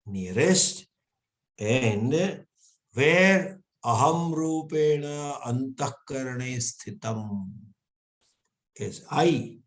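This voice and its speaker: A man from India, teaching a scripture class with patient explanations and frequent soft chuckles. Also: mid-range voice. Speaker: Vedanta teacher. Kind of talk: scripture lecture.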